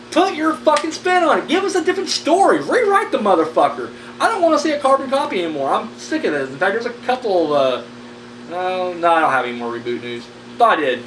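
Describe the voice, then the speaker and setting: In an echoey room with a distant mic and faint background noise, a man offers blunt, profane, rambling commentary on horror movie news. His voice sits high with a fairly bright tone.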